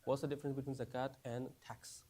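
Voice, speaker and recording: A man's voice: mid-range voice, little pitch movement, quick pace, warm tone. A man teaching a class for new Muslims in a casual, conversational way. He often repeats phrases and keeps asking the class questions. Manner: repeats phrases, frequent "right?" and "you understand?".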